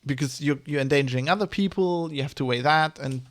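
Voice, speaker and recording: A man's voice: on the high side, fairly quick, dry recording. A man with a mother tongue, ranting in a casual vlog, rambling and heated, with many restarts and swearing. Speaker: vlogger. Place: Germany.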